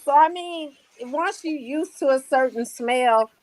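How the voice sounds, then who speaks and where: Brief: woman panelist, slightly high voice, blunt and animated in casual chat. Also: unhurried, over a noisy crowd, poor audio.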